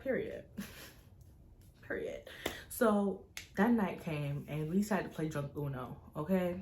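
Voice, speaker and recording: A young woman, a vlogger, recounting a personal story to camera in an animated, tense way, full of fillers. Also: sits low. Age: young adult. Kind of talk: casual storytime vlog.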